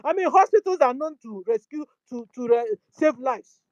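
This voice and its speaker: A woman's voice: sits high, expressive, moderate pace, a little mellow, no echo, highs cut off. A woman with a Nigerian accent hosting her own channel, pleading in impassioned commentary full of rhetorical questions and lines in Igbo. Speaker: channel host.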